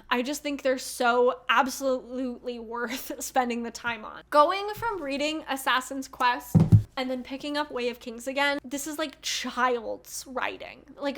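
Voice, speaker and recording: Young woman, high voice, bright and crisp tone, gushing, swears casually, casual book review chat. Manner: gushing, animated, swears a lot, laughs often. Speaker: book vlogger.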